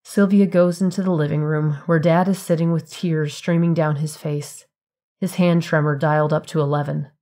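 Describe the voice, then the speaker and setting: A woman narrating a piece of fiction for a podcast in an even, measured storytelling voice. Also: low-pitched.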